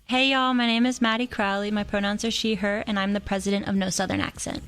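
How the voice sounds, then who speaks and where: A woman's voice: medium pitch, fairly even intonation, fast, fairly bright tone. A young woman of about twenty, president of an a cappella group, chatting cheerfully in an interview. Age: around 20. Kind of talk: casual interview chat.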